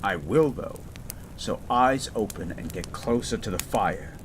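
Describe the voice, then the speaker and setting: A man playing a gruff but caring young medical student in a romantic audio roleplay, pleading and tender. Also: fairly low pitch, lively intonation, measured pace, background noise. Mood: tender worried.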